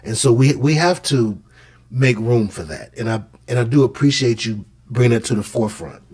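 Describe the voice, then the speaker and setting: A man with a middle-pitched voice talks loosely and at length, circling back and restarting as he tells his stories. His delivery is casual and conversational. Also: normal speed, darkish tone, husky. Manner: storytelling, with many restarts.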